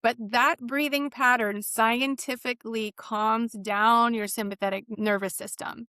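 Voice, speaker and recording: A woman's voice: fairly high pitch, steady tone, a little slow, pushed and bright, clear, resonant tone, dry recording, clean studio sound. A woman real estate agent co-hosting a casual podcast, talking in a chatty, rambling, upbeat way.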